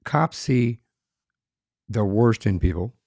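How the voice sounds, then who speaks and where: A low-voiced man with a gravelly edge, a former police officer chatting casually. His sound is dark and dry, and he often stops to repeat words as he gathers his thoughts. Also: lively intonation, dry recording. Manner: halting, repeats words while searching. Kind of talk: casual chat.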